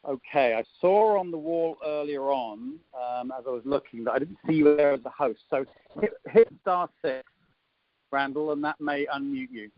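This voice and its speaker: A man in his fifties with an English accent hosts a team conference call, teasing and rambling with plenty of ums and uhs. His voice sits a bit high for a man. The sound is muffled and dry, like a phone line. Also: moderate pace, no echo. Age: 50s. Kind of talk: casual chat, jokey introduction.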